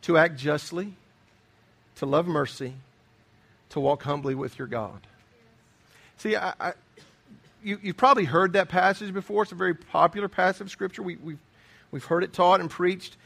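Earnest preaching man, higher voice. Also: vocal fry, fairly bright tone. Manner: earnest, emphatic preaching with repeated phrases. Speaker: pastor. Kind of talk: sermon.

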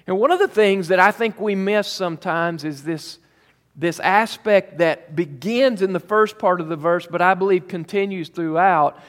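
A man preaching a sermon as pastor, emphatic and drawn out, with pauses to let points sink in. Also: high-pitched, a bit bright, in a large hall.

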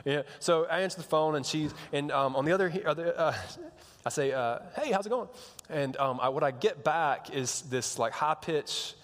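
A man's voice: fairly high pitch, steady tone, normal speed, a bit bright. A young man preaching to students, telling a rambling, joking story full of restarts. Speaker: youth pastor. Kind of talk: sermon to students. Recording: long hall reverb.

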